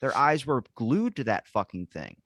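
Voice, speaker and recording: An American man rants in casual podcast talk, swearing freely and punching out his points with blunt emphasis. His voice sits at an ordinary middle pitch. The recording is dry and close, with no room echo. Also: huge pitch swings, moderate pace, a bit bright. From United States. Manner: heated, profane ranting with blunt emphasis. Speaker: podcast guest or co-host.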